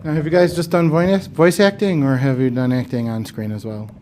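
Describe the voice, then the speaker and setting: A man interviewing guests at a convention, his voice sitting a little high for a man. He asks brief, friendly questions and keeps things moving. Faint noise is heard behind him. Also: fairly even intonation, brisk, warm tone. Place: at a fan convention.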